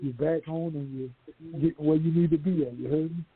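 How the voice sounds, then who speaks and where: A man's voice: on the high side, fairly even intonation, moderate pace, slightly rough, no room sound. A man with a New Orleans accent, a radio guest talking casually in street slang. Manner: warm street talk, asks "you heard me". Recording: tinny phone line.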